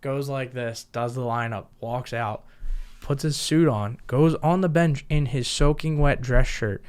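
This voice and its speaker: A man who is a guest on a podcast, telling stories in a casual, animated way and laughing often. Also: mid-range voice, unhurried, smooth. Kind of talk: casual storytelling.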